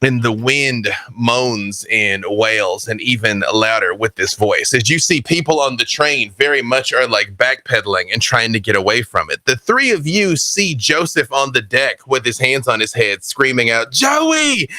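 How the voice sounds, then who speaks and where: A man narrating a tabletop game as game master, measured and vivid. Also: mid-range voice, expressive, sharp tone, no echo.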